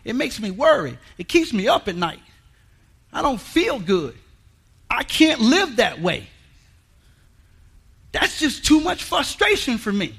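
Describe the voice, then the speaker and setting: A man preaching a sermon in a folksy, emphatic way, repeating lines and rising to shouts. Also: very high voice, huge pitch swings, unhurried, creaky, pauses often, slightly rough. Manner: folksy, colloquial. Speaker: guest preacher.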